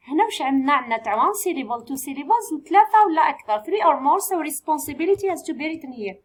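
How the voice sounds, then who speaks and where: High-voiced Algerian teacher woman. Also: animated, low-quality recording. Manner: spells and counts out answers slowly for students. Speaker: English teacher. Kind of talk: exam review lesson, code-switching with Arabic.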